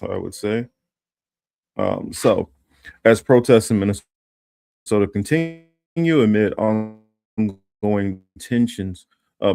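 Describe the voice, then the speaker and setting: A man's voice: deep voice, a little mellow, dry recording, clean studio sound. A man hosting a casual political livestream, talking with many fillers and restarts and reading news text aloud. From Los Angeles area. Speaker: political commentary host.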